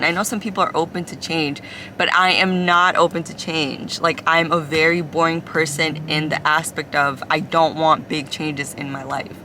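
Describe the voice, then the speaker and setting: Low-voiced young woman rambling in a car. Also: bright, forceful tone, slight background noise. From Ecuador, then the US. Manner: rambling and confiding, many "like" fillers. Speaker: vlogger. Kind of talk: confessional casual chat. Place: inside a car.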